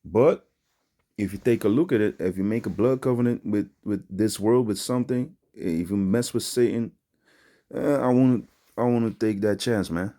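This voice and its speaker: A preacher gives an informal religious teaching in street slang, rambling with many fillers and repeatedly ending phrases with "man." His voice is on the low side and dark, at a moderate pace.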